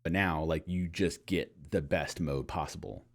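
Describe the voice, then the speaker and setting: A man's voice: a bass voice, fairly even intonation, measured pace, vocal fry. A man co-hosting a gaming podcast, chatting casually and rambling with lots of fillers and restarts. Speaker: podcast co-host. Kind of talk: casual chat.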